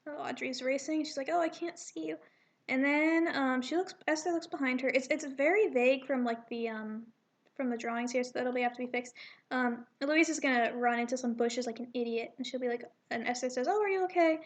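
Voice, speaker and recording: High-voiced woman reading her comic casually. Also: fairly even intonation. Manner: rambling, self-correcting, with quick asides. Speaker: comic artist reading her draft aloud. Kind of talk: casual read-through of a comic, voicing characters.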